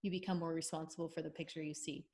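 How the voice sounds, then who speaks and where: Brief: American woman, lower-pitched guest voice, reflective and steady, explains at length like a therapist. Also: fast talker. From United States. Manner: thoughtful, flowing explanations in a therapeutic tone. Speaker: podcast guest. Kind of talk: reflective podcast conversation.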